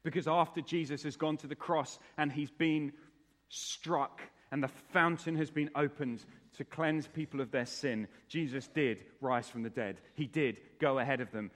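A man preaching from the platform of a church, his voice sitting in the middle of the usual male range. He talks earnestly, dropping to hushed, soft passages and then pressing key lines with more force. The long reverb of the church hall trails after each phrase. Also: mid-range voice, moderate pace. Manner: earnest, shifts between soft hushed lines and raised emphatic ones. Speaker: pastor. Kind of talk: sermon.

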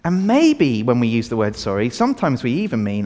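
A man's voice: medium pitch, fairly quick. A man preaching an all-age sermon, asking the congregation questions and leading a prayer. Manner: animated, asks the congregation questions. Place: church hall. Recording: reverberant church hall.

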